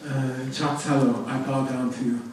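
A man teaching a class on a Buddhist text, explaining terms slowly and checking in with "okay?" again and again. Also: mid-range voice, little pitch movement, a little mellow, a little hiss or hum. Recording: echoey hall, distant mic. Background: audience of students.

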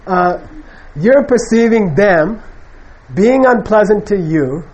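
Male Buddhist teacher, higher pitched, loose and animated lecture delivery. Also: low-quality recording. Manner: conversational, animated, acts out quoted people. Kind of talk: casual spoken dharma lecture.

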